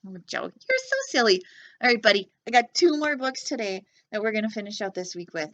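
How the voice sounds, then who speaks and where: A woman's voice: a little high, lively intonation, fairly quick, fairly bright tone, highs cut off. A young adult woman, a children's librarian, hosting a storytime with a cheerful, reassuring manner.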